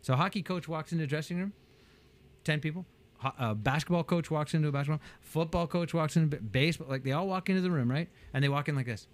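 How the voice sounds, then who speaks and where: In an interview, a business coach talks animatedly and acts out quotes with big leaps in pitch. He speaks at a quick pace.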